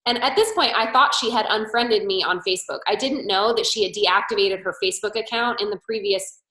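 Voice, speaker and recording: A woman's voice: medium pitch, brisk, sharp tone, echoey room, low-quality recording. A woman leading a sales team call, telling stories in a chatty coaching style and acting out quoted dialogue. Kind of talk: motivational sales coaching talk.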